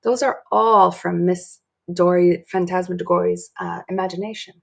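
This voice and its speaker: A woman's voice: on the low side, steady tone, normal speed, gravelly. A woman reading a children's book aloud and adding chatty explanations. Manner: chatty asides with soft laughs. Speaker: storybook reader.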